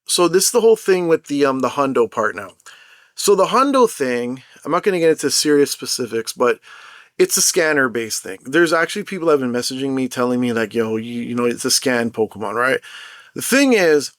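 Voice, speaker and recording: A young man ranting in an unscripted vlog, telling his story in a rambling, animated and profane way. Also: fairly high pitch, normal speed, dry recording, clean studio sound. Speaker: mobile game content creator.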